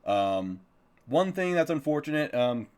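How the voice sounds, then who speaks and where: Man, anime streamer, casual live commentary, swears often, lively pitch, laughs a lot. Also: a little slow, clean tone.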